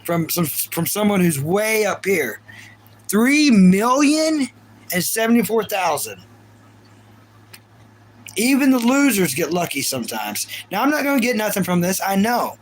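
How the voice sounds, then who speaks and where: A man's voice: high voice, sing-song, moderate pace, few pauses, slight background noise, low-quality recording. A man with a Kentucky accent chatting casually on a live stream, rambling earnestly and reading viewer comments aloud. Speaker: livestreamer.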